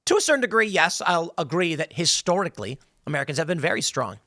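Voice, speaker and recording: A man's voice: fairly high pitch, lively intonation, fast talker, pushed and bright, no room sound, clean studio sound. A man hosting a political commentary show, talking in an emphatic, heated way and slipping into mocking voices when he quotes people. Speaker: podcast host.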